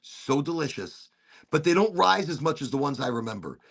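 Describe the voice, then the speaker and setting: A man hosting a casual podcast chat, telling stories in an animated way and swearing freely. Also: on the high side, normal speed, creaky. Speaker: podcast host.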